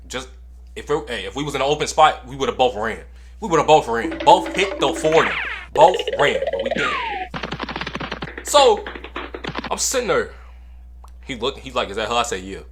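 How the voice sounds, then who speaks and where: Young male vlogger, casual slangy storyteller, mid pitch, animated delivery. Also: a little fast, noisy background. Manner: animated, slangy, repeats phrases for effect.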